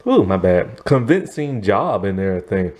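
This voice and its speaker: A man's voice: on the low side, big pitch swings, moderate pace, a little mellow. A man giving a casual, rambling TV review, tired and yawning, full of asides and fillers. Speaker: TV show reviewer.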